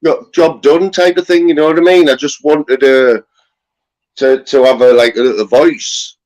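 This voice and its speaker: A man's voice: on the high side, fairly even intonation, normal speed, a little mellow, low-quality recording. A man, a fellow streamer in a casual live chat, earnest and often asking "you know what I mean".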